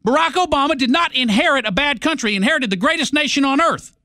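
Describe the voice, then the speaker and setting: Male radio host, combative ranter, high pitch, dry close sound. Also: expressive, fast talker, pushed and bright, no echo. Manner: angry, sarcastic, combative. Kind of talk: political rant.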